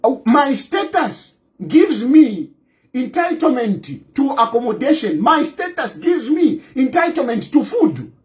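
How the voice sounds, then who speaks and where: A Zambian man giving an impassioned political monologue to camera, forceful and repetitive, hammering his points again and again and breaking into scornful laughs. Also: very high voice, sing-song, unhurried. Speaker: political commentator.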